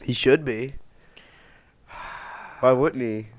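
A man with a worn, fading voice from illness, cohosting a relaxed chat show. His pitch sits in the middle of the male range, and he trades deadpan, teasing jokes with his co-host. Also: slow pace, dry recording. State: losing his voice, sick. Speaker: podcast co-host. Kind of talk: casual chat.

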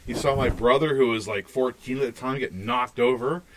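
A man's voice: medium pitch, moderate pace, fairly bright tone, slight background noise, low-quality recording. A man, a guest on a podcast, telling stories bluntly and swearing freely. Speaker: guest, metal musician. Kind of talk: casual chat.

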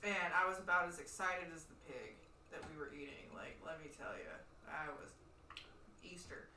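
A young woman chatting casually as a podcast co-host, an animated storyteller who laughs often. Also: low voice, normal speed, background noise. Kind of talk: casual chat. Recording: roomy, distant mic, faint ambience.

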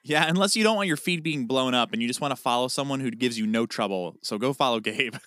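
A man's voice: medium pitch, fast, a bit bright, no room sound, studio quality. A young man co-hosting a podcast in casual chat, playful and teasing, often restarting his sentences. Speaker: podcast co-host.

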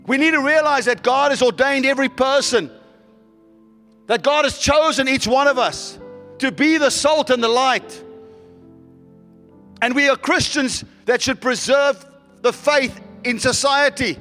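A man's voice: very high voice, measured pace, pauses often, pushed and bright, in a large hall, faint music behind. A man preaching a sermon as pastor, building to fervent callouts to the congregation.

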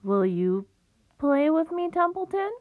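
A woman's voice: high-pitched, big pitch swings, unhurried, no echo, voice pushed up. Casting: whiny young male pig, lonely and earnest, read by a woman, thin phone-line sound. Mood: pleading. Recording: tinny phone-like recording.

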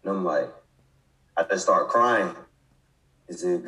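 A football coach in his twenties speaks casually as an interview guest, his low-pitched male voice slow and sharp in tone. He restarts sentences often and uses many fillers, and the audio quality is poor.

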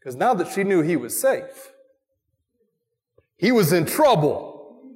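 A man preaching a sermon as a pastor, animated, asking the congregation questions and acting out quoted voices. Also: high-pitched, slow, in a large hall. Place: church.

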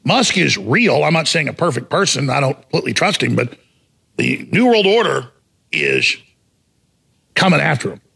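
A man hosting a talk show, ranting in a combative, mocking way and shouting for emphasis, with a raspy, gravelly voice. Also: a little high, sing-song, normal speed. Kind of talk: heated talk radio rant.

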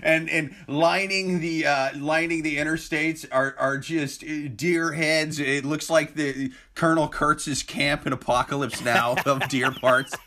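Bright-voiced man chatting loosely. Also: a little high, steady tone. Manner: loose, profane, jokey, halting restarts. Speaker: podcast co-host. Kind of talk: casual political chat.

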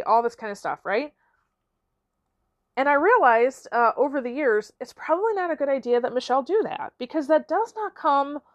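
A woman's voice: fairly high pitch, no room sound. A middle-aged woman giving a conversational motivational talk as a coach, often checking in with "okay?" and "right?" and laughing now and then.

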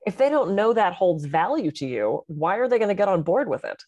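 A middle-aged woman co-hosting a podcast, chatting casually as an animated, expressive storyteller. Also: mid-range voice, a little fast, no room sound, highs cut off. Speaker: podcast co-host and public speaker. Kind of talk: casual conversational chat.

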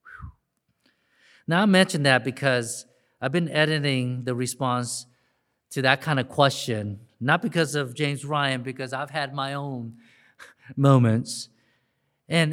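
A man's voice: mid-range voice, unhurried, fairly bright tone. A man preaching a sermon, conversational and then building to emphatic peaks, with frequent restarts. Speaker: pastor.

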